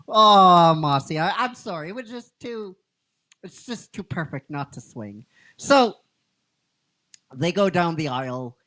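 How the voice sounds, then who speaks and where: A man's voice: high voice, lively intonation, slow, long pauses, bright, forceful tone. A man casually retelling a fan-written story, rambling, laughing often and teasing his cohost. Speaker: storyteller narrating a fan script.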